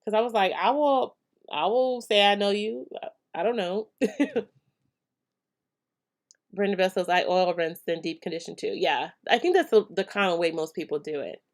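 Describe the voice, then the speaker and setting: A woman hosts a relaxed live chat, answering viewers' questions. She talks loosely and easily, with plenty of "um"s, restarts and bursts of laughter. Her voice sits in an ordinary middle range. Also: medium pitch, moderate pace, pauses often. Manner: chatty and laughing, with frequent fillers and restarts.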